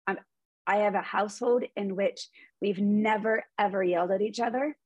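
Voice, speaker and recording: Woman in her 40s, kinda husky, dry close sound, telling stories from her own life all earnest. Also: medium pitch, steady tone, moderate pace, dry recording, poor audio. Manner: earnest storytelling. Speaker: guest. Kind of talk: conversational interview.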